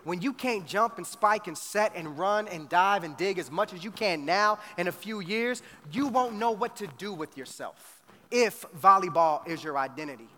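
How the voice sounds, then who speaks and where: A middle-aged man preaching a storytelling sermon, animated and slangy, acting out both sides of a conversation. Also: high-pitched, moderate pace. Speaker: pastor. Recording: faint noise, long hall reverb.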